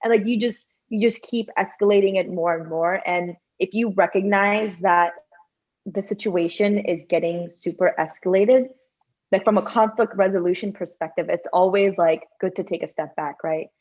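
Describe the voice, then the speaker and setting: A woman's voice: mid-range voice, fairly even intonation, normal speed, darkish tone, muffled recording. A woman co-hosting a podcast in a chatty way, saying "like" often and acting out quoted reactions. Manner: chatty, says "like" a lot, acts out quotes. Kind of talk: casual chat.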